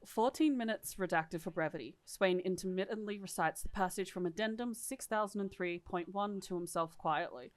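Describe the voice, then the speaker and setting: A woman co-hosting a podcast and reading lore aloud with casual commentary. She is loose and irreverent, and she swears freely. Her voice sits at a mid pitch. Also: moderate pace, hardly any pauses. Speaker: podcast co-host.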